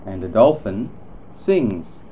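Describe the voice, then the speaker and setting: A man reads an animal-sounds lesson at a very slow, deliberate pace. His pitch rises and falls a lot as he names each animal. The recording is dull and lo-fi, with a faint hiss behind him. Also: very animated. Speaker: narrator.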